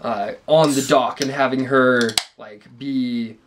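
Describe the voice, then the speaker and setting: A man's voice: medium pitch, fairly even intonation, slow, background noise. A young adult man casually telling a story on a vlog, laid-back and rambling with lots of ums. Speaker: vlogger's fiancé.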